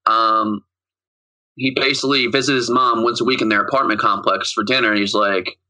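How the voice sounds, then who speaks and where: Bright-voiced man recapping a movie. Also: lowish voice, steady tone, fairly quick, rough recording. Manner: rambling, retells scenes with quoted lines. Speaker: podcast co-host. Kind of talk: casual movie recap chat.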